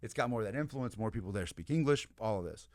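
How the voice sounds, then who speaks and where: Here the Southern comedian-professor sounds low-pitched, animated, and rapid as he rambles through stories on someone's podcast, leaning on "like" and "you know." There's no room sound.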